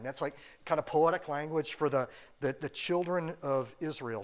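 A man, a pastor, preaching a casual, animated sermon full of "like" fillers. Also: a little high, moderate pace.

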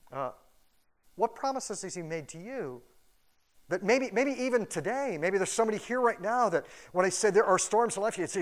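A pastor giving a casual, animated sermon in a church, acting out quoted voices as he goes. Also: high voice, normal speed. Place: church building.

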